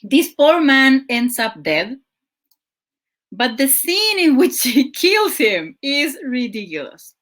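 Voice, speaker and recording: Slow, chatty woman recapping. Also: sits high, very animated, fairly bright tone. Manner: chatty, exasperated, full of fillers. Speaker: show host. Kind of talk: casual telenovela recap.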